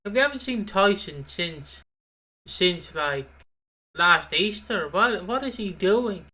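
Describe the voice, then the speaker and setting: A man's voice: sits high, expressive, slow pace, pushed and bright. A man co-hosting a podcast, talking animatedly in casual chat and swearing now and then. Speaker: podcast co-host.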